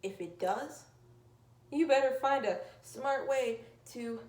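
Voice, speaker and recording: A woman giving an earnest, emphatic motivational talk that swings from loud urging to soft, near-whispered lines. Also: on the high side, lively intonation, slow pace, long pauses, reverberant. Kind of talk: motivational monologue.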